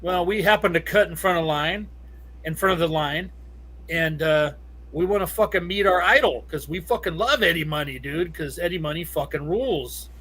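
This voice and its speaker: A man's voice: a little high, normal speed, sharp tone, slightly rough. A middle-aged man from Southern California telling a rambling, profane story as a podcast guest, laughing often. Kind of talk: casual storytelling.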